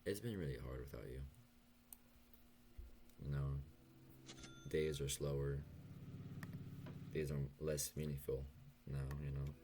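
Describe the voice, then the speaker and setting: A young man talking softly and hesitantly in a late-night confessional vlog, stuttering and pausing as he goes. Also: rumbling low, background noise. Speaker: vlogger.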